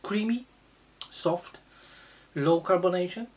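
A low-pitched woman talks through a beer tasting at a very slow, unhurried pace. She pauses often and fills the gaps with little hesitations as she describes what she notices. It sounds like a relaxed, casual review. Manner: slow, halting, many fillers.

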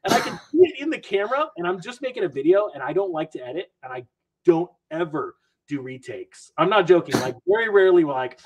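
Male finance creator, podcast guest, expressive and self-deprecating, upbeat chatter. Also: on the high side, fast, low-quality recording. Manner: animated storyteller, jokey and self-mocking. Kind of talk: casual podcast chat.

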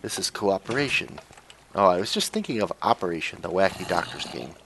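A young man with a gravelly, low voice talks through a game in a loose, joking commentary, coaxing and cajoling the characters. A faint hiss sits under the recording. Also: sing-song, a little fast, fairly bright tone. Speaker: let's play gamer. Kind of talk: casual gameplay commentary.

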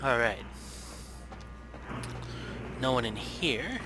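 A man's voice: medium pitch, expressive, very slow, background noise. A man hosting a let's play, giving casual, wry gameplay commentary and muttering to himself.

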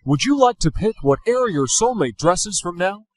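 A performer voicing a disembodied magic announcer that makes slow, formal pronouncements. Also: mid-range voice, big pitch swings.

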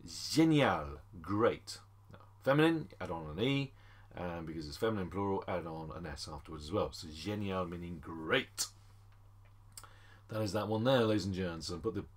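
A man teaching French phrases in a chatty lesson, calling the class ladies and gents and slowing down for each French phrase. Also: sits low, breathy edge. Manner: slows down to spell out French phrases. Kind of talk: screen-recorded language lesson.

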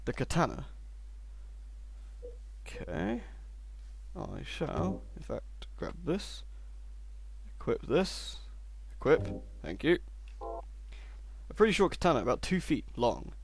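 A man's voice: a little high, very animated, slow pace, gravelly, long pauses, husky. Sarcastic man narrating gameplay. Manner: sarcastic, shouts insults at the game. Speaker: let's play host. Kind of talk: gameplay commentary.

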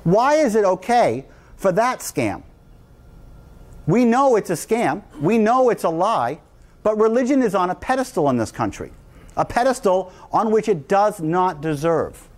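A man's voice: high voice, very animated, a little slow, darkish tone. A middle-aged man from New Jersey giving a public talk to a live audience, emphatic and repetitive as he hammers his points home. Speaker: guest speaker.

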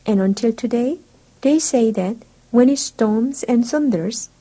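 A woman reading a storybook aloud for English learners, slow, clear and even. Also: on the high side, low-quality recording. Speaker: audiobook narrator.

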